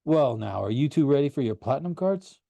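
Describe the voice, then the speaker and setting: Guy doing a too-friendly bellhop, smooth and coaxing, dry sound. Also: medium pitch, expressive, a little fast, dark tone, dry recording.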